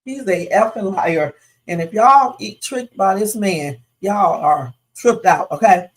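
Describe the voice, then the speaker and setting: A woman's voice: medium pitch, measured pace, slightly rough. A woman hosting a live reaction stream, chatting bluntly and addressing her viewers directly. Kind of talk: casual reaction commentary.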